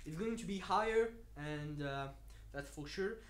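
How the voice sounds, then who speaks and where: Building something on a live stream, this Frenchman talks casually with his viewers in a slightly high voice with lively intonation. His pace is measured but his talk rambles and hesitates, and the recording has room echo and faint noise.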